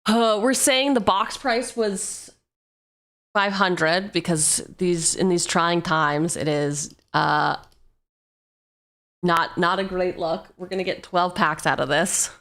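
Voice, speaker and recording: A woman's voice: lowish voice, steady tone, slow pace, a bit bright. A woman streamer chatting casually and joking as she opens card packs on a livestream. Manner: playful, jokey asides, sings snatches of song.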